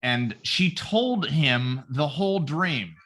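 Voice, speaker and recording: A man's voice: a little high, expressive, takes it slowly, a bit bright. A man on a podcast, retelling a story as a profane comedy bit with silly voices for each character. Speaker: podcast host. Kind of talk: casual comedic podcast chat.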